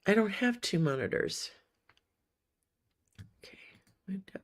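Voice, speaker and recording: Affectionate woman host with a lower voice. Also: animated, unhurried. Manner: affectionate, calls viewers honey and sweetie; chatty and encouraging. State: coughing now and then. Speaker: livestream host for writers. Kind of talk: casual livestream chat.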